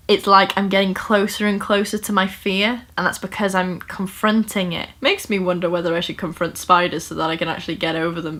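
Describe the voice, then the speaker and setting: A woman's voice: on the low side, fairly bright tone. Woman vlogging from home, chatty and earnest, lots of ums and restarts. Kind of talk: casual personal storytime talk.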